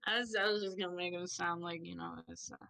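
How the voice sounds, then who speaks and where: Giggly, animated woman narrating a tabletop game. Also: fairly low pitch, vocal fry. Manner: giggly, swears often, self-deprecating. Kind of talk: casual tabletop play narration.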